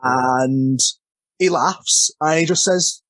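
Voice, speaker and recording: A man's voice: on the high side, takes it slowly, fairly bright tone, no room sound. Man rambling through wrestling stories. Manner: rambling, self-deprecating, stumbles over words. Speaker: wrestler guest. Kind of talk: casual interview storytelling.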